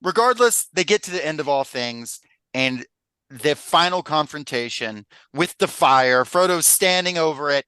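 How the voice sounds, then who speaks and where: A man from the Southern US hosting a casual podcast and reading passages aloud. His voice is bright and forward, and the sound is dry and close. He talks in an animated way, full of fillers and laughter. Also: on the high side, normal speed, clean tone, no room sound, rough recording. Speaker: podcast host.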